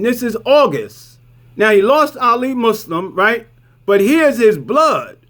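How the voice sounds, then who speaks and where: A man's voice: sits high, big pitch swings, slow pace, fairly bright tone. A middle-aged man from Newark, an imam telling a community story in a conversational way, repeating points and checking in with "right?". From Newark, New Jersey. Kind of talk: community talk with show-and-tell.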